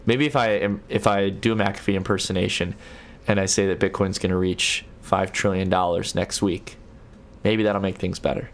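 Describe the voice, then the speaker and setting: Young guy doing a late night stream chat, real low voice, gravelly, reads the chat out and restarts a lot, faint hum behind. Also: steady tone, moderate pace. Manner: reads viewer chat aloud and answers, with frequent restarts. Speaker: livestream host.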